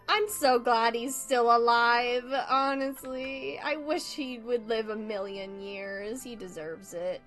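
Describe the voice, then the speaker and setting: A woman chats with her stream audience while she draws. Her voice sits fairly high, and she talks at a slow, unhurried pace. She giggles often, swears in passing and apologizes a lot, with faint music in the background. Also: fairly bright tone, low-quality recording. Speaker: livestreamer drawing for chat. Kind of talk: casual livestream chat.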